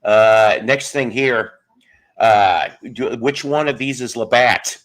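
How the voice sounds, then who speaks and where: A man's voice: mid-range voice, slow pace, lightly acted. A man voicing a friendly male Canadian Mountie border guard who keeps adding "eh" to his questions, told as part of a joke on a casual livestream. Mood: folksy.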